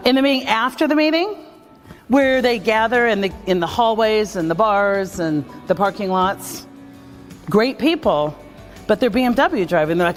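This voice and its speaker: A woman speaking about leadership at a conference, energetic and acting out the voices of the people she quotes. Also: mid-range voice, normal speed, soft background music. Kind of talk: conference talk and vlog.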